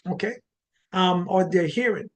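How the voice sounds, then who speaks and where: High-voiced Jamaican man teaching. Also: a little slow. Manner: animated, repeats words and restarts often. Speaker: relationship teacher. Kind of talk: teaching talk on marriage.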